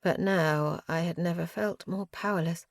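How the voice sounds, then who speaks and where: A woman's voice: on the low side, steady tone, normal speed, dry recording. Female fantasy audiobook narrator, earnest, grief-laden, dry close mic.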